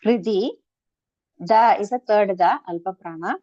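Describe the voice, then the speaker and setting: A woman's voice: mid-range voice, unhurried, long pauses, dark tone, no room sound. A woman teaching chanting pronunciation online, patiently repeating and breaking each syllable down. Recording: dull, dry call audio.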